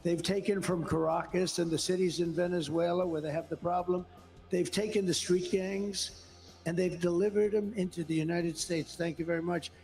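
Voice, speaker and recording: A man's voice: sits high, fairly even intonation, moderate pace, creaky, a little mellow, faint music behind. A man as an interview guest, speaking about politics in an emphatic, repetitive, rambling way. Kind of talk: interview conversation.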